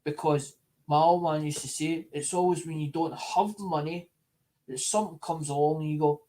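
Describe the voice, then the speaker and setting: A man with a voice pitched a touch high talks in a loose, unscripted way. He wanders from thought to thought and circles back over the same words. The delivery is casual and chatty, as if he were talking to regular viewers. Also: steady tone, warm tone. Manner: rambling, repeats himself and restarts phrases; talks to supporters in an unhurried, chatty way. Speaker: coin collector vlogger. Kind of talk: casual rambling monologue.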